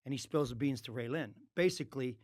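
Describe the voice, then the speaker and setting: A man's voice: mid-range voice, quick pace. A man telling a long story as a podcast guest, acting out the dialogue of others and swearing freely. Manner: animated, acts out quoted dialogue, swears freely. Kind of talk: casual storytelling.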